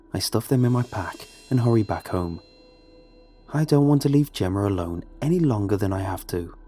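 A man narrating a first-person horror story in a somber, measured, grave way. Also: on the low side, dark tone.

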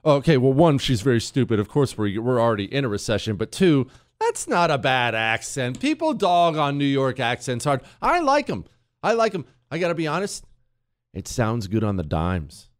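A male talk show host giving opinionated commentary in an animated, sarcastic way, bantering with his producer. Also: medium pitch, normal speed, no echo, studio quality.

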